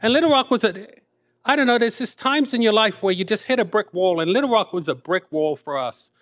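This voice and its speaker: Animated and a bit quick, this English missionary in his fifties has a high, slightly bright voice. He delivers his story as a sermon testimony, often joking at his own expense and wandering into tangents.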